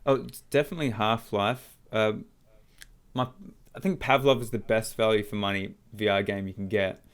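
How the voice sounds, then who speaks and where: Laid-back young man with a low voice. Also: steady tone, normal speed, smooth. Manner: laid-back, easygoing, trails off with fillers. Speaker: podcast guest, VR YouTuber. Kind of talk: casual podcast chat.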